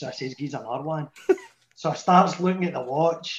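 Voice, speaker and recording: A man's voice: normal speed, a little hiss or hum. A Scottish man in his thirties with a Glasgow accent, telling a long, sweary personal story to friends in a casual chat. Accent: Scottish, Glaswegian. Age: 30s. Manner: chatty, swearing, dropping to a low mutter for his inner thoughts. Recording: echoey room, muffled sound.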